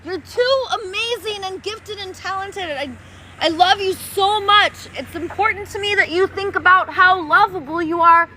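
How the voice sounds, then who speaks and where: A woman's voice: very high-pitched, moderate pace, sharp tone. A woman chatting on a casual livestream outdoors, reading chat in a playful, doting, sing-song way. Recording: noisy outdoor street recording. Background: traffic noise.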